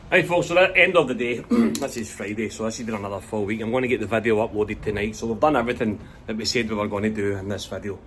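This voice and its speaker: Chatty Scottish man, lower voice. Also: quick pace, few pauses, fairly bright tone, slight background noise, low-quality recording. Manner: chatty, explaining as he goes. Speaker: vlogger building a campervan. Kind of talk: casual walkthrough vlog. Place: inside a van under conversion.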